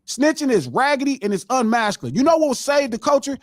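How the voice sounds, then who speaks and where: Man, middle-aged, podcast host, high voice, swooping wildly, heated profane ranting, dry close sound. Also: very animated, fast, no room sound. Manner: impassioned, profane, lecturing. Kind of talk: heated live podcast rant.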